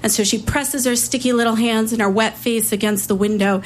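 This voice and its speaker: A woman public defender telling a personal story in a conversational way, with small restarts and pauses. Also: a little high, steady tone, a little hiss or hum.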